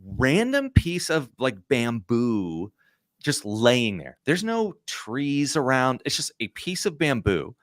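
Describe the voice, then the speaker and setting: A man's voice: medium pitch, wildly swooping pitch, takes it slowly, dry recording, clean studio sound. A man in his thirties, a podcast guest, telling a story in a casual, rambling way full of "like" and "you know".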